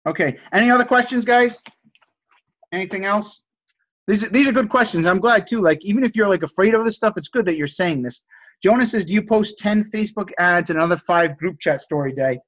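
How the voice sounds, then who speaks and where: A man with a high-pitched voice hosts a casual live stream, answering viewers' questions with upbeat, salesman-like enthusiasm. The sound is dull and lo-fi. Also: brisk, fairly bright tone. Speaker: host of a live stream teaching resale negotiation. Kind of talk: casual live-stream coaching, reading chat messages.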